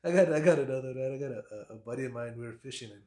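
A man, a fishing guide on a podcast, telling stories in a casual, lively way and acting out what people said. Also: medium pitch, very fast, echoey room, a crowd in the background. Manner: animated storyteller, acts out quotes, laughs often. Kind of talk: casual storytelling chat.

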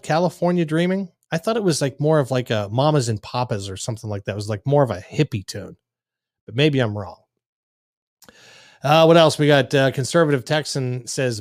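A man's voice: mid-range voice, dry recording, clean studio sound. A man hosting a political commentary livestream, chatting casually and reading out viewer comments in a folksy, rambling way. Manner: folksy, chatty, with frequent fillers and asides.

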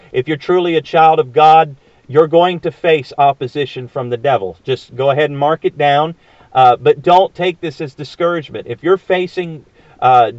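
A man delivers a sermon in an earnest, emphatic way, asking rhetorical questions and pausing on fillers. His voice sits a little high for a man. The recording is muffled and dry, with no room sound. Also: dry recording. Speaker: preacher.

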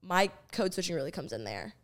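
American woman guesting on a podcast, kinda low voice, lively storytelling, slangy and casual. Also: brisk. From United States. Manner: animated storytelling, talks in slang. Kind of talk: casual chat.

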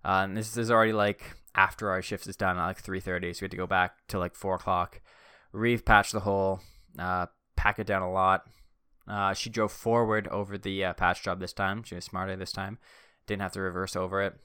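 Chill guy in his 30s rambling thru an old story, lowish voice, dry close sound. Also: little pitch movement, a little fast, bright, forceful tone, clear, resonant tone, no echo. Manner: rambling, laid-back, heavy fillers. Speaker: vlogger. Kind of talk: casual storytelling.

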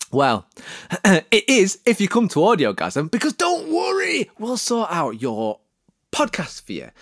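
Guy rambling jokey podcast bit, sarcastic, pitch swings all over, bit high, dry close sound. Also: no echo. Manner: playful, mock-earnest and sarcastic. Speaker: podcast host promoting an agency. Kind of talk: comic rambling monologue.

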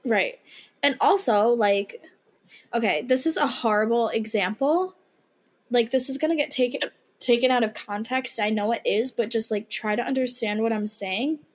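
A woman's voice: fairly high pitch, normal speed. A young woman co-hosting a podcast, chatting casually with friends, swearing freely and hiccuping. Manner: chatty, swears freely, reads posts aloud. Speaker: podcast co-host. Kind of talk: casual chat. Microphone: headphones with mic.

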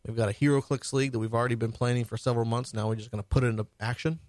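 A man co-hosting a casual podcast, quick and enthusiastic, laughing often. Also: medium pitch, steady tone, a little mellow, no echo, studio quality. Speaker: podcast co-host. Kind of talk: casual chat.

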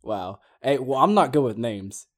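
A young man in his twenties co-hosting a casual podcast, telling animated stories and getting loud when he acts out yelling. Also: mid-range voice, normal speed. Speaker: podcast co-host. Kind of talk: casual chat.

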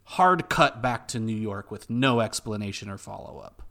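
A young man co-hosting a podcast, summarizing a film in a steady, orderly way with dry asides. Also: fairly low pitch, normal speed, creaky. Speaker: podcast co-host. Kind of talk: casual film recap chat.

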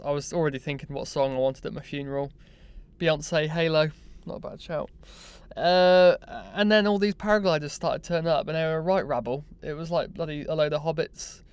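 A young man telling a personal story in a casual, animated, self-mocking way. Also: on the high side, clear, resonant tone. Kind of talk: casual anecdote monologue.

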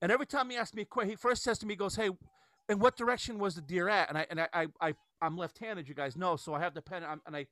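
A man talks quickly in a bright, fairly high voice, rambling through an anecdote with lots of restarts. The sound is dry and close, with no room around it. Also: no echo. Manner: rambling, animated storyteller with many restarts. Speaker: podcast host. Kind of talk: casual storytelling chat.

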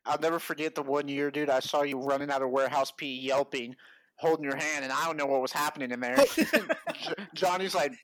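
A man co-hosting a casual podcast, talking in an animated way, laughing often and calling people "bro" and "dude.". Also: a little high, fairly quick, dry recording. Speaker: podcast co-host. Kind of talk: casual chat.

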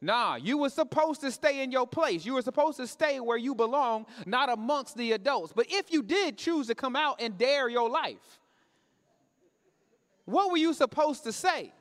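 A man's voice: very high voice, lively intonation, moderate pace, a bit bright. A man preaching a sermon to a church congregation, talking conversationally and throwing questions out to the room for the crowd to answer. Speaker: pastor. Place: church sanctuary. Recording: reverberant church hall.

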